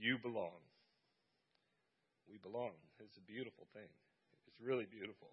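A man's voice: fairly low pitch, fairly even intonation, a little fast, slightly rough, highs cut off. A man preaching a Sunday sermon as pastor, speaking earnestly and repeating key phrases for emphasis. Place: church service.

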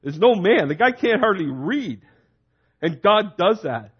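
Urgent, slightly husky male preacher. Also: sits high, very animated, measured pace, highs cut off. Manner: urgent, repetitive exhortations. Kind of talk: sermon.

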